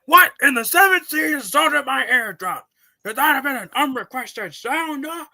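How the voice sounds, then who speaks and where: A man voicing a scornful, yelling drill-sergeant camp counselor in a cartoon. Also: extremely high pitch, lively intonation, moderate pace, vocal fry, voice pushed up, exaggerated voice. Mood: bellowing. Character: barking drill-sergeant camp counselor, male, middle-aged.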